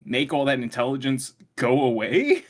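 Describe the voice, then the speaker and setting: A man's voice: medium pitch, very animated, moderate pace. Exasperated ranting podcast co-host, a man. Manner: exasperated, ranting, laughs often. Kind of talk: casual chat.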